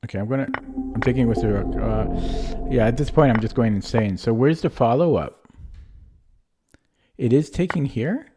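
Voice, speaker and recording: A man's voice: medium pitch, lively intonation, normal speed, music in the background. A young man streaming himself playing chess, rambling and self-deprecating as he thinks aloud in casual commentary.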